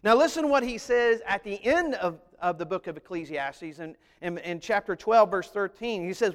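Preacher, fairly high voice, lively and theatrical, long hall reverb. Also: male voice, normal speed, hardly any pauses. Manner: animated, acts out voices and sings snippets. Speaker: pastor. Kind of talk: sermon.

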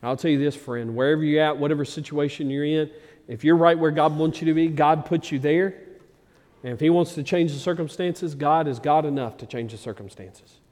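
Man, pastor, sermon, loud emphatic bursts and low quiet passages, high voice, reverberant sanctuary. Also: fairly quick. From Arkansas, USA.

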